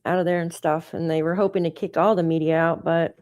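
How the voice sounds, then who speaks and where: Casting: woman, true-crime livestream host, chatty and incredulous, lower voice, dry close sound. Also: steady tone, fairly quick, darkish tone, no echo. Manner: chatty, incredulous, reads updates aloud. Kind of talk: casual livestream commentary.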